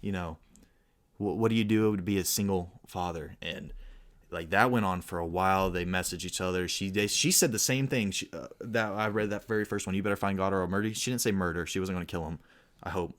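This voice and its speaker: A man's voice: low-pitched, fast talker. Young man telling a rambling story. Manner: rambling, animated storyteller who acts out quotes. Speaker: podcast co-host. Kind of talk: casual storytelling chat.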